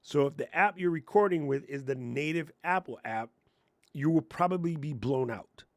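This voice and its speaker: A man offering tech tips on a casual stream speaks at normal speed in a slightly high voice, close-miked with a lapel mic on his chest for a dry recording. He's ranting and sarcastic, jokey with mocking voices, and mutters lazily as he operates his computer.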